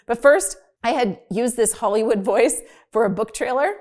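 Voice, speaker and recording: A woman's voice: fairly high pitch, normal speed, darkish tone. Upbeat chatty woman hosting a video. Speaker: host. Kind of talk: casual explainer video.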